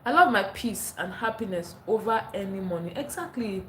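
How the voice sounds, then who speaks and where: A woman's voice: medium pitch, animated, moderate pace, a bit bright, reverberant, a little hiss or hum. A woman from Africa hosting a casual livestream, chatting and reading out viewer comments, laughing often. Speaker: livestream host. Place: indoors at home. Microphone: phone, later a clip-on mic.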